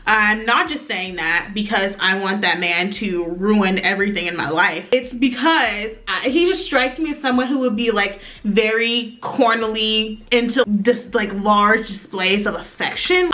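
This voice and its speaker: A young woman chatting through a get-ready-with-me storytime, rambling, animated and playful. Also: mid-range voice. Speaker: beauty vlogger.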